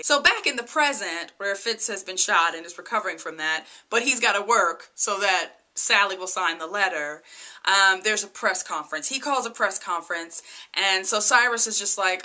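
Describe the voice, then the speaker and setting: A woman vlogger recapping a TV episode in a casual, excitable way, full of "like" and "you know". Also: medium pitch. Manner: chatty, lots of "like" and "you know" fillers; excitable, gushing.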